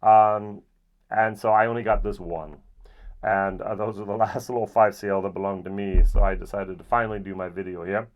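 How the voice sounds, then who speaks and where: A man giving a casual, rambling whisky tasting review, often pausing with ums. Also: on the low side, dull audio. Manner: relaxed, rambling with frequent ums.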